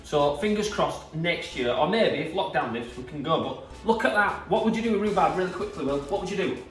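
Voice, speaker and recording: A man's voice: fairly high pitch, expressive, fairly quick, a bit bright. A man with a Yorkshire accent, enthusiastically showing off fresh produce in a casual demonstration. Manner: enthusiastic, gushing about produce. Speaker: produce seller. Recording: echoey room, distant mic, faint music.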